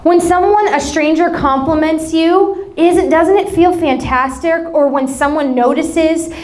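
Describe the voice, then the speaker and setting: A woman's voice: sits high, measured pace, a little mellow. A woman in her thirties with an American accent, a pastor preaching a sermon and telling a family story with laughing asides.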